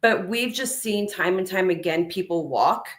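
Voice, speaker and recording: Casual Midwestern woman, low voice. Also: animated, normal speed. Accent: Midwestern American. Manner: casual, practical, many ums. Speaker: dealership general manager. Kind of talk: podcast interview answers.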